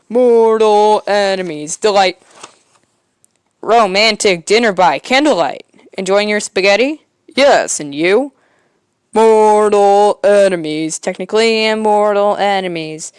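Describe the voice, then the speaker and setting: A woman's voice: medium pitch, no room sound, clean studio sound, close to an everyday voice. A woman rapping as an angry scummy rapper guy. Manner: rough, rhythmic rapping with beatbox. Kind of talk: amateur podcast retelling.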